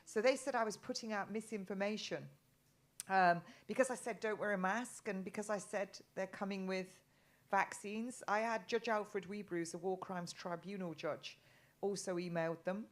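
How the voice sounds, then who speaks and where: A woman's voice: mid-range voice, steady tone, normal speed. A middle-aged woman from England talking as a guest in a casual live chat, rambling with many restarts and ums.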